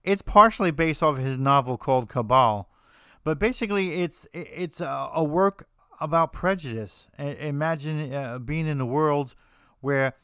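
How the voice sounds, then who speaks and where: A man's voice: a little high, moderate pace, pushed and bright, clean tone, no room sound, clean studio sound. An American man hosting a podcast, talking casually in a rambling way with frequent restarts and fillers. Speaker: podcast host. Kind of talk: casual monologue on horror films.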